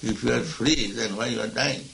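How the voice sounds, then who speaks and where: A man's voice: mid-range voice, normal speed, gravelly, a bit bright, a little hiss or hum, low-quality recording. A man, a spiritual teacher speaking emphatically and admonishingly in a philosophical discussion.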